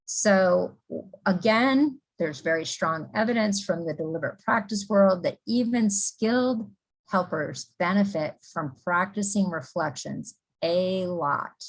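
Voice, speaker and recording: A middle-aged woman, a psychology professor, leads a conversational workshop lecture. She explains patiently, often pausing with ums and starting sentences over. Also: fairly low pitch, expressive, breathy edge, rough recording.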